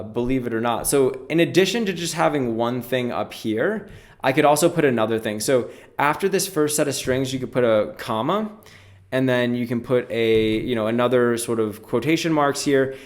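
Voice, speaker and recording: A man teaching programming in a screen-recorded tutorial, talking casually and explaining each step as he goes. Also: medium pitch. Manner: casual, explanatory, walks through steps aloud. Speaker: programming instructor.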